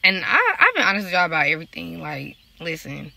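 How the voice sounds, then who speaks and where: A woman's voice: fairly low pitch, wildly swooping pitch, fairly quick, vocal fry, sharp tone, no room sound. A woman, talking casually to her viewers about faith and relationships. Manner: talks in a loose, conversational way, addressing viewers directly. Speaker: prophetic dreamer and life coach. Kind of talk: casual spiritual vlog talk.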